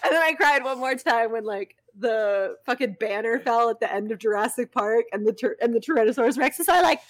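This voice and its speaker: A woman's voice: fairly high pitch, a little fast. A young woman hosting a podcast, telling a casual story with lots of swearing and frequent laughter. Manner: animated, swears freely, breaks into laughter. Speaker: podcast host.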